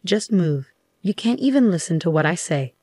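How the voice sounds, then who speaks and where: Brief: woman narrator voicing a bossy, scornful mother in a storybook, lower voice, dry sound. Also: lively intonation, normal speed, warm tone, no echo. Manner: scornful, demanding. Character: condescending overbearing middle-aged mother.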